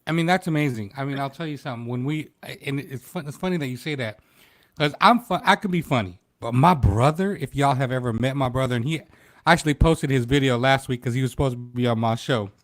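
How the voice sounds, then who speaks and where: Homme animateur décontracté, voix sèche. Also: male voice, medium pitch, quick pace, no room sound, clean studio sound. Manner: laid-back, chatty, laughs often. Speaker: talk show host. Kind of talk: casual livestream interview.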